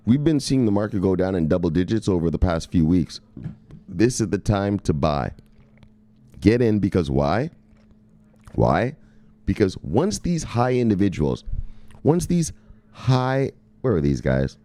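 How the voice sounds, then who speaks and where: A man's voice: sits low, unhurried, pauses often. A man hosting a crypto news channel who reads from articles, stumbles over words, then rambles, swears and pushes harder as he goes, sounding a bit tipsy. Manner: rambling, swearing, pushy, gets louder and more excited. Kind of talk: casual profane market commentary.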